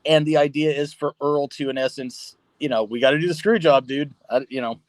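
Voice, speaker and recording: A man, a guest on a podcast, tells a story in a casual, animated way, laughing often and swearing freely. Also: a little high, a little fast, no room sound. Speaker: podcast guest, pro wrestler. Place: podcast studio.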